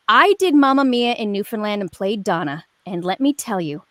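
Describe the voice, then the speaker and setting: A woman in her forties, on as a guest, tells a long story over a video call. She rambles and restarts, full of fillers and lively asides. Her voice sits a bit high, and the sound is dry and close. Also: fairly quick, few pauses, dry recording. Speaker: guest performer. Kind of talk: casual chat.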